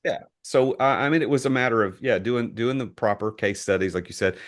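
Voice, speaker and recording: A middle-aged man from the US, a podcast guest telling a business story in an animated way, often repeating words as he starts a sentence. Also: mid-range voice, brisk. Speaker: entrepreneur guest.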